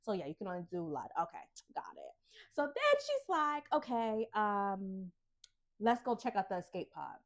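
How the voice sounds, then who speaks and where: Animated woman retelling a story. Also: mid-range voice, moderate pace. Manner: animated retelling, acting out characters' lines with filler "like". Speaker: podcast co-host retelling a book. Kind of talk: casual chat.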